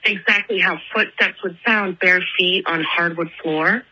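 A woman's voice: on the low side, unhurried, pushed and bright, breathy edge. Chatty young woman on a phone line. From Atlanta. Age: 20s. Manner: chatty, filler-heavy, lots of "like". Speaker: listener calling in with a voicemail. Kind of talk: casual phone voicemail storytelling.

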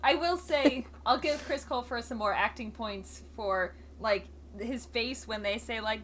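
A woman co-hosting a podcast, chatting casually and recapping a TV episode, quick and wry, acting out lines she quotes. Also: on the high side, fairly bright tone, a little hiss or hum. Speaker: podcast co-host.

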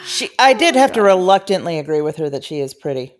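A woman's voice: on the low side, sing-song, quick pace, a little hiss or hum. A woman co-hosting a podcast, chatting casually and often answering with short agreements. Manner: lots of short backchannel agreement. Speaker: podcast co-host. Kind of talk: casual chat.

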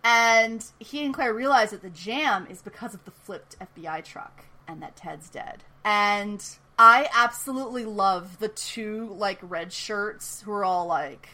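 A woman's voice: medium pitch, a little slow, few pauses, bright, forceful tone. A woman co-hosting a podcast, chattily recapping a TV episode with lots of fillers and laughs. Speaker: podcast co-host.

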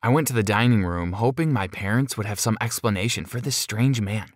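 A man narrating a first-person story in an expressive, dramatic way. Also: fairly low pitch, a little fast, no echo, studio quality.

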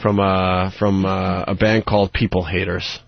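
A man's voice: deep voice, little pitch movement, a little slow, vocal fry, muffled recording, a little hiss or hum. A man hosting a satellite radio show, crude and laid-back, swearing freely. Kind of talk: casual radio banter.

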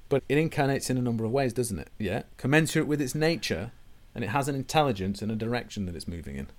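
A man, hosting a conversation and explaining ideas in a measured way, often dropping low and quiet at the ends of phrases. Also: lively intonation. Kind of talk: conversational discussion.

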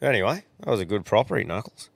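A laid-back, profane Australian man hosting a podcast, chatting casually at a middling pitch. The sound is dry and close. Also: sing-song, fast, vocal fry, no echo. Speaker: podcast host. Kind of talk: casual banter.

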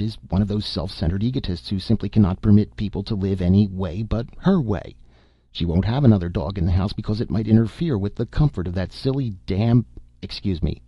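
A man's voice: on the low side, mellow, breathy edge, no echo, lo-fi sound, voice pushed up. A man reading the part of a genial family doctor who jokes and dodges questions. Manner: jovial, evasive.

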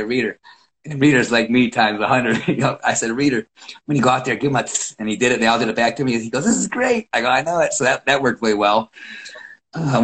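A wrestling coach, a man, telling animated stories about his practices in a casual chat, acting out quotes and often restarting sentences. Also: medium pitch, poor audio. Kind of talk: casual podcast storytelling.

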